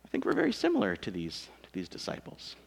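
Lively joking male preacher, echoey hall. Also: on the low side, quick pace, gravelly, husky. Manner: casual, joking, self-deprecating. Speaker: pastor. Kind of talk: sermon.

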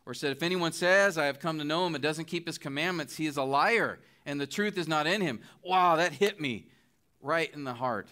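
A man's voice: fairly high pitch, moderate pace, sharp tone. A middle-aged man preaching a sermon, earnest and pleading as he makes his appeals. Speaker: guest preacher.

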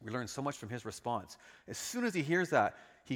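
Male pastor, animated sermon delivery, mid-pitched, long church-hall reverb. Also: a little fast. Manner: lively, dramatic storytelling.

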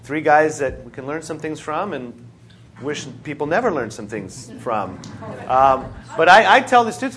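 Lively, high-voiced man leading discussion. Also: normal speed. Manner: animated, laughing storyteller. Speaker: seminar instructor. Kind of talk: teacher leading a group discussion.

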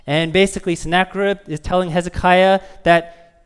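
A man preaching a sermon as pastor, talking conversationally with the congregation and asking them questions, and reading scripture slowly with emphasis. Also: a little high, fairly even intonation, clear, resonant tone. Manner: conversational, asks the listeners questions.

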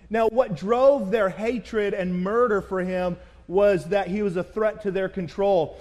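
A man preaching a sermon as pastor, telling a personal story in an animated way and acting out the voices of the people in it. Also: sits high, long reverb tail. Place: church.

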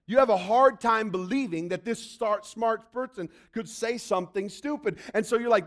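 A man's voice: high voice, lively intonation, brisk, few pauses. A man preaching a sermon in a conversational way, acting out little quotes. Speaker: pastor.

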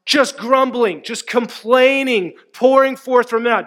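A man's voice: very high-pitched, unhurried, few pauses, fairly bright tone. A man preaching a sermon, emphatic and asking his congregation questions. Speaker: pastor.

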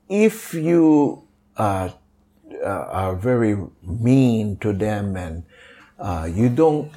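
Animated older Hawaiian man telling stories. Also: lowish voice. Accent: Hawaiian Pidgin-inflected English. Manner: animated, acts out quoted voices, many fillers. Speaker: guest, kapa maker. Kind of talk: storytelling interview.

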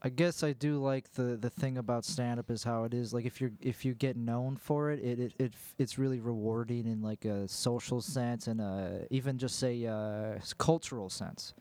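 A man's voice: medium pitch, fairly even intonation, moderate pace, hardly any pauses, warm tone, dry recording. A man co-hosting a podcast, asking probing questions about performing and laughing easily. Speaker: comedian, podcast co-host. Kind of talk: casual chat.

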